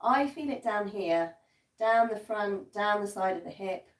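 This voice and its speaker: A woman's voice: medium pitch, measured pace. A woman teaching a live pilates class, counting reps aloud and giving encouraging cues while she demonstrates, a little out of breath. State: slightly out of breath. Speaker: pilates instructor. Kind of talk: live-streamed workout class instruction. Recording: echoey room, voice from a distance.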